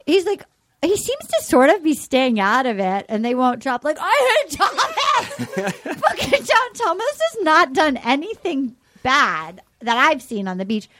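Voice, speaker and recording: A woman's voice: high voice, measured pace, a little hiss or hum. A woman hosting a podcast, recapping a dating show in a casual, profane, comic way and acting out the cast's lines in mock voices. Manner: animated, profane, acts out cast members' lines in mock voices.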